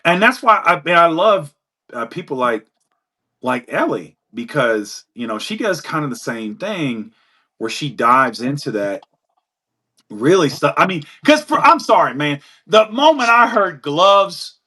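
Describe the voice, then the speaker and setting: Folksy East Tennessee man, bright voice. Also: a little high, sing-song, a little slow. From East Tennessee, USA. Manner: rambling folksy storyteller, drawling twang. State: tired. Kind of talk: casual panel chat.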